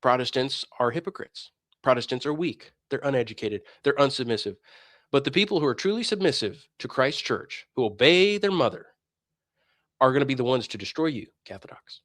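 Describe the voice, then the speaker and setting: In a ranting monologue on his religious debate stream, a man heatedly scorns and mocks his opponents while preaching. His mid-range voice is expressive, brisk, and a bit bright, recorded cleanly in a studio with no echo.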